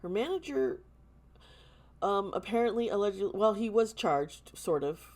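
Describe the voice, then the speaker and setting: A woman hosting a tarot channel, speaking in a casual vlog style, earnest and halting, with many pauses and restarts. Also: medium pitch, expressive, a little mellow.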